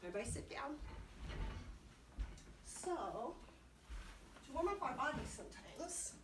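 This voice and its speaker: A children's librarian with a medium-pitched voice leads a kids' music and movement class, cheerful and encouraging and full of playful sound words. The distant mic gives a roomy sound with background noise.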